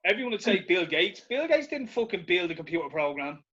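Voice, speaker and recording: A man's voice: sits high, very animated, moderate pace, bright, forceful tone. A man co-hosting a podcast, talking bluntly and with swearing. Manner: blunt, sweary, agreeing asides. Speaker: podcast co-host. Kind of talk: casual podcast chat. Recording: dull lo-fi podcast audio.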